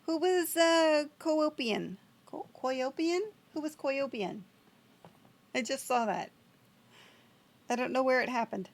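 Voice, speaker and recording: A woman chats casually on her live game stream in a fairly high voice that swoops up and down. She talks at a relaxed pace and laughs often as she greets viewers in chat. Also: takes it slowly, long pauses.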